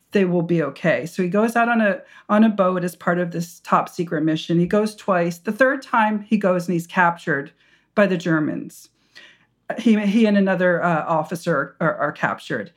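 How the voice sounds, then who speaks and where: A woman historian and author, answering interview questions with animated storytelling, full of restarts and fillers. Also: medium pitch.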